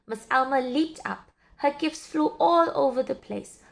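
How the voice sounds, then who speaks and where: A woman reading a children's story aloud in an expressive, sing-song way. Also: high-pitched, a little slow, vocal fry. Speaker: storybook reader.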